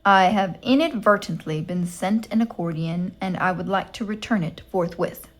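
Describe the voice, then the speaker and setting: A woman's voice: mid-range voice, normal speed, lightly acted. A woman voicing a stern, practical, no-nonsense woman who speaks curtly and emphatically. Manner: curt, emphatic and scolding.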